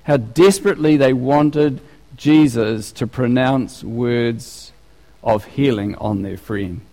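Guy preaching a sermon, chatty and animated, lots of restarts, big echoey hall. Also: mid-range voice, slow. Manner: animated, conversational, with frequent restarts. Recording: long reverb of a large hall.

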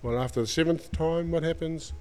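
A man's voice: a little high, brisk, darkish tone, in a large hall. A man with an Australian accent preaching a sermon, retelling stories in colloquial slang and acting out the characters. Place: church.

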